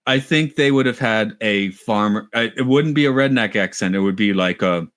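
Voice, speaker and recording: Low, dry-voiced man rambling in chat. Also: moderate pace, a bit bright, no echo. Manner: rambling, self-interrupting, thinks aloud. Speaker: podcast co-host. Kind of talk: casual chat. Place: lives in Japan.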